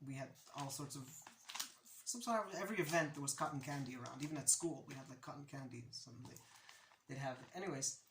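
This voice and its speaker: A young Israeli man with an Israeli accent teaches a casual language lesson, chatting and slipping into little anecdotes. His voice sits at a middling pitch. The room around him is echoey. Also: fast talker, fairly bright tone, slight background noise. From Jerusalem, Israel. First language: Hebrew. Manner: chatty, anecdotal, laughs at own stories.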